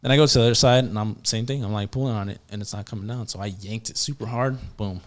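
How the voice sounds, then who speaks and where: A podcast guest who used to be a prison yard officer tells a story fast and casually in a low voice. He's animated, acting out quotes, with lots of fillers and restarts.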